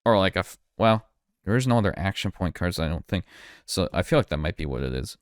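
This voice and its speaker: Smooth-voiced man chatting through an unboxing. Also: deep voice, fast, no echo, clean studio sound. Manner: relaxed, chatty, thinking aloud with fillers and restarts. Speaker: card collector streamer. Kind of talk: casual unboxing commentary.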